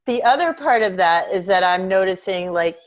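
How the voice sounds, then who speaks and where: A woman educator answers as an interview guest, with a mid-range, even voice. She talks in a reflective, measured way, like someone thinking aloud. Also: medium pitch. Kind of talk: casual interview chat.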